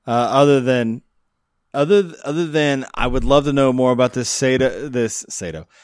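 Brief: male podcast host, jokey and quick to laugh, dry close-mic sound. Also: medium pitch, dry recording. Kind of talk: casual podcast chat.

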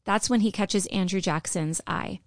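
A woman's voice: mid-range voice, normal speed, creaky, no room sound, clean studio sound. A middle-aged woman co-hosting a podcast, chatting and telling a history story. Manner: chatty, laughing, breaks into sung lines. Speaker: podcast co-host.

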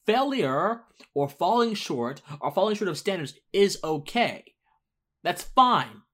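A man's voice: high-pitched, sing-song, slow, a bit bright. A man hosting a casual political monologue, rambling with restarts and rising into emphatic outbursts. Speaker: political commentary host.

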